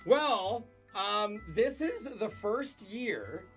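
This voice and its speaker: Animated laughing male radio co-host. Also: high voice, very slow, faint music behind. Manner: animated storyteller, laughing often. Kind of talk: casual morning radio banter.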